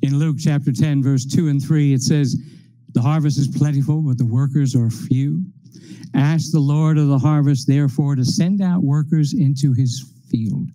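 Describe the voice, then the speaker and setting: A man preaching a sermon, working through numbered points in a slow, measured way. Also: a little high, mellow, rough recording.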